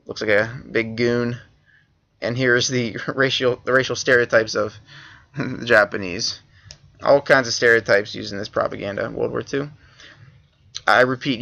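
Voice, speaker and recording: A man's voice: medium pitch, sharp tone, highs cut off. A male history teacher giving a casual classroom review lecture with joking asides.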